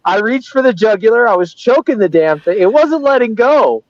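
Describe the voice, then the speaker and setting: A man's voice: high voice, lively intonation, moderate pace, a crowd in the background. A man in casual podcast chat, giving blunt, emphatic advice. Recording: dull, dry lo-fi sound.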